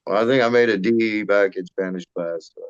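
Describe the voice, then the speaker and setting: A low-voiced man chatting easily and laughing at himself, dry and close. His audio sounds a little dull and lo-fi, with no room around it. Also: steady tone, fairly quick, clear, resonant tone, no room sound. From Texas. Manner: easygoing, self-deprecating, chuckles often. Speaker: guest, football fan. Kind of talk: casual podcast chat.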